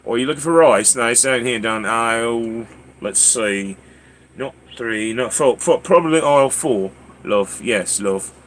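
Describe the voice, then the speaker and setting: A man's voice: medium pitch, unhurried, a little hiss or hum, lightly acted. A man putting on a British accent to play a chatty, helpful British shopper and clerk, sing-song and calling people "love.". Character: American man faking a chatty British shop voice.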